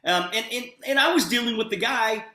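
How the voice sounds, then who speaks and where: A man giving an eager, persuasive sales pitch on a video call, talking straight to his audience. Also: brisk, pushed and bright, reverberant. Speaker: presenter.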